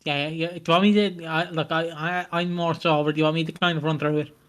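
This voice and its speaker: A man's voice: fairly high pitch, fairly even intonation, quick pace. A man co-hosting a casual podcast chat, blunt, sweary and playful. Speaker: podcast co-host.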